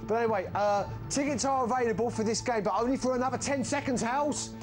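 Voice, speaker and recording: A man's voice: extremely high pitch, quick pace. A man hosting a TV game show live, joking and teasing his co-host. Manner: jokey, teasing banter with a co-host. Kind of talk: live TV presenting over music. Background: background music.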